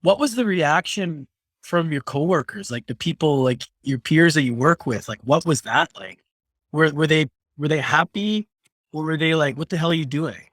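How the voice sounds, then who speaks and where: Male podcast host, eager affirming interviewer, slightly high, dry mic. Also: lively intonation, normal speed, fairly bright tone, no echo. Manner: affirming, eager, says "yeah" and "man". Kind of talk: casual interview chat.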